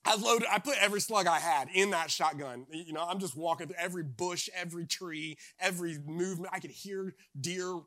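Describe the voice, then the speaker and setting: A man's voice: sits high, fairly quick, hardly any pauses, sharp tone, dry recording, clean studio sound. A young adult man from eastern North Carolina preaching a sermon, moving from earnest exhortation to a chatty, self-mocking personal story. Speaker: pastor.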